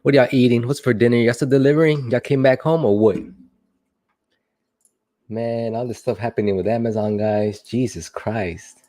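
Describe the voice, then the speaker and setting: A man's voice: mid-range voice, steady tone, moderate pace, warm tone. A young man hosting a casual livestream, chatting playfully with viewers in slangy, sing-song greetings. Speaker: livestream host, delivery driver.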